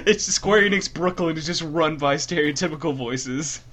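A man's voice: fairly high pitch, moderate pace, crowd noise. A man co-hosting a podcast in casual chat, riffing with jokey, exaggerated bits. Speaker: podcast co-host.

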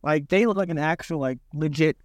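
A man's voice: a little high, brisk, no echo, studio quality. A man co-hosting a sports podcast in casual chat, hesitant and full of fillers, with breezy slang. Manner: hesitant, lots of uh and I don't know, breezy slang. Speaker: podcast co-host.

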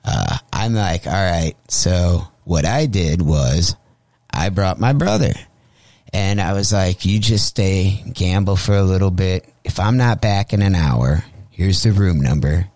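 A male comedian from St. Louis telling a crude story on a radio show, profane and animated, acting out the voices in his tale. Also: low voice, a little slow, dry recording. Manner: profane, animated, acts out quotes. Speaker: comedian guest.

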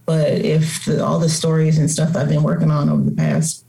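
A middle-aged woman with a Chicago accent, a writer and radio host, chatting as a podcast guest and telling stories in a lively, colloquial way. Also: low voice, moderate pace, vocal fry, rough recording. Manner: animated storyteller, colloquial. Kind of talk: casual interview conversation.

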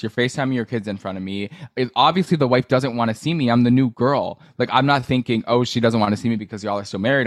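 A man's voice: medium pitch, no room sound, clean studio sound. A man co-hosting a podcast, chatting casually and bluntly about reality television, swearing freely. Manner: blunt, profane, animated gossip. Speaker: podcast co-host. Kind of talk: casual chat.

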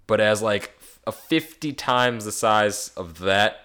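A young man co-hosting a podcast in casual chat, animated and joking, talking through long explanations with many fillers. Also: fairly low pitch, a little slow, clear, resonant tone. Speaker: podcast co-host.

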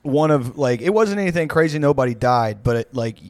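A man's voice: mid-range voice, expressive, fairly quick, no room sound. A man telling a story on a podcast, rambling and profane with many fillers. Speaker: podcast co-host. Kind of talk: casual storytelling.

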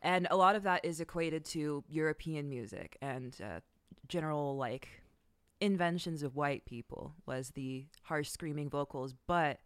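Smooth-voiced woman chatting on a podcast. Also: sits low, measured pace, no echo. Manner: blunt, swears casually. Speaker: podcast co-host. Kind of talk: casual podcast chat.

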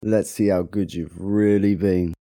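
A man's voice: low voice, fairly even intonation, measured pace, warm tone, no echo, clean studio sound. A young man with a London accent co-hosting a podcast in laid-back, jokey banter. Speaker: podcast co-host. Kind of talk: casual banter.

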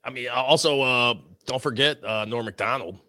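A man co-hosting a live stream, chiming in with quick, chatty asides. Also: medium pitch, pushed and bright, dry recording, clean studio sound. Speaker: co-host. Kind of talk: casual live-stream chat.

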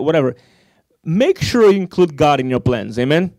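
A man's voice: fairly high pitch, expressive, moderate pace, a little mellow, dry recording, clean studio sound. A man preaching a sermon, calling out to his congregation for amens.

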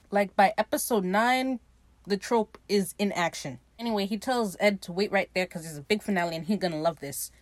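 A woman hosting a podcast, casually recapping a TV episode in an animated, gushing, profane way. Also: mid-range voice, no echo. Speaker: podcast host.

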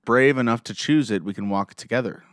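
A man excitedly recapping a show episode scene by scene, gushing like a fan. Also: medium pitch, brisk, no room sound, clean studio sound.

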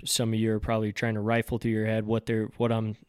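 Smooth-voiced man telling a fishing story. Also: lowish voice, quick pace, no echo, studio quality. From Colorado. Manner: animated storytelling, acts out his own excited and crestfallen reactions. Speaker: fishing guide and podcast host. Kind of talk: casual podcast storytelling.

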